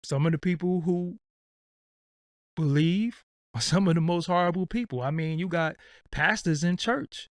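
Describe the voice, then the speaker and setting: A man's voice: on the high side, normal speed, long pauses, no echo, clean studio sound. A man hosting his own livestream, ranting bluntly and casually with profanity and lots of fillers. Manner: blunt, profane, streetwise, rambling. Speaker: channel host.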